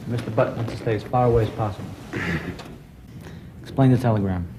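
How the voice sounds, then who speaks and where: A man's voice: mid-range voice, brisk, background noise, close to an everyday voice. An actor playing a wisecracking male career criminal who talks in a dry, needling way. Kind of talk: film drama acting.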